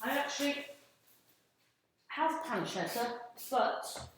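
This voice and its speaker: A woman's voice: fairly high pitch, animated, slow, heavy reverb, background noise. A woman hosting a casual live cooking stream from her home kitchen, chatting to viewers while she cooks. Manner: chatty, scattered, greets viewers mid-task. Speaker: cooking livestream host.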